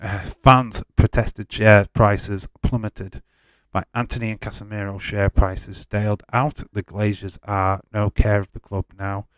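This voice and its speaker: Speaking a little slowly in a fairly low, flat voice with no echo, a livestream host in his 40s answers viewers' chat messages during a casual watch-along. He comes across as defensive and direct, calling out chatters by name.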